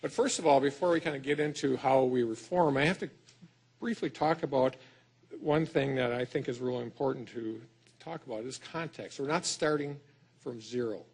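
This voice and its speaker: Gravelly man with a Wisconsin accent. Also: mid-range voice, normal speed, darkish tone. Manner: folksy, self-deprecating, many fillers and restarts. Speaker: state superintendent of schools. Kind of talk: conference keynote speech. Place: lecture hall.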